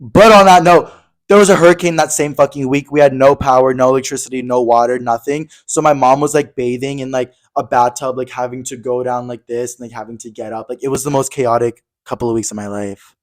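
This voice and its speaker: A man's voice: mid-range voice, steady tone, fairly quick. A young man co-hosting a podcast, telling stories in a chatty, slangy way with lots of laughing. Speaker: podcast co-host. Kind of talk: casual chat.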